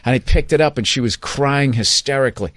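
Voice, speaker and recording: A man's voice: mid-range voice, fairly quick, no echo. A male comedian guest telling stories in casual chat, acting out quoted lines. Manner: animated anecdotes, acted-out quotes. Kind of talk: casual storytelling.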